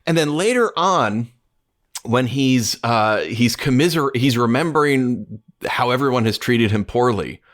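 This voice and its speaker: A middle-aged man co-hosting a discussion podcast, telling stories in an animated way with restarts. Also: medium pitch, measured pace. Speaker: podcast co-host. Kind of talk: casual discussion.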